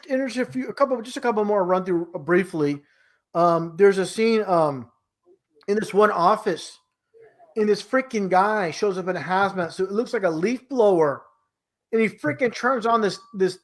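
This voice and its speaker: A man's voice: high voice, normal speed. A man talking casually and at length, rambling with many restarts and an incredulous tone. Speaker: guest. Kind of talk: casual conversation.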